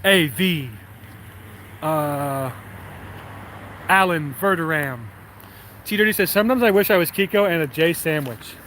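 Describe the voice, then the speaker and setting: Young man, casual, profane, rambling, slightly raised pitch, outdoor street, faint traffic. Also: measured pace, long pauses, fairly bright tone. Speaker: live streamer. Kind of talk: casual chat to stream viewers. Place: city street at night, outdoors.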